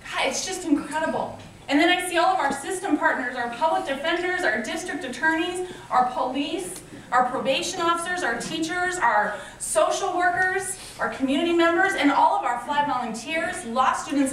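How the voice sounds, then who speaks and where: Recorded far from the mic in a large, echoey convention hall with slight background noise, a woman speaks in a high, fairly bright voice at normal speed. She is a nonprofit founder in her thirties, giving a fundraiser speech that is enthusiastic, thankful, and full of personal stories.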